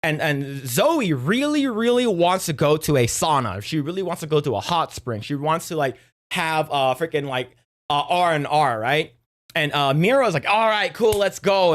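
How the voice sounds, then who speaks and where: A man's voice: fairly high pitch, animated, normal speed. Rambling young man recapping a movie. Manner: rambling, many fillers and restarts, acts out quotes. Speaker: streamer. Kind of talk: casual retelling of a movie plot.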